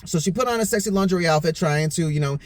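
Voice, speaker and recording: A man's voice: high-pitched, fast talker, no room sound. A slightly tipsy man hosting a podcast, rambling through a personal story with lots of swearing and constant "you know what I'm saying". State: a little tipsy. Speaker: podcast host. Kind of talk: casual storytelling monologue.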